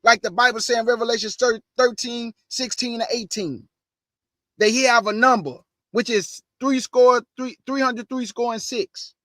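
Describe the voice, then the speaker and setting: A man with a strikingly high voice preaches to his online audience, fired up and emphatic. He talks in a casual, slangy way, repeats his points, fires off rhetorical questions and keeps calling his listeners family. The sound is dry, with no room echo. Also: fairly even intonation, normal speed, pushed and bright. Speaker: online show host and preacher.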